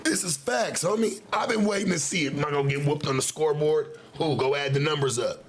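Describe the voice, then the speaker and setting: A man's voice: fairly high pitch, a little fast, a little hiss or hum. A man hosting a livestream, ranting in confrontational, slangy street talk. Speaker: livestream host. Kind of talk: livestream rant.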